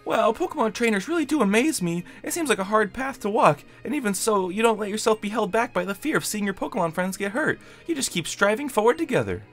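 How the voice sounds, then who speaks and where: A man's voice: high voice, very animated, fast, hardly any pauses, faint music behind, voice pushed up, full character voice. Man doing an earnest young woman. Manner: earnest, admiring.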